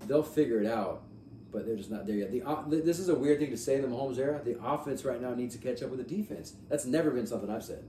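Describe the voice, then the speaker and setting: A man's voice: mid-range voice, quick pace, dark tone. Male podcast host, casual sports chat, echoey room, set back from the mic. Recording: echoey room, mic at a distance, faint noise.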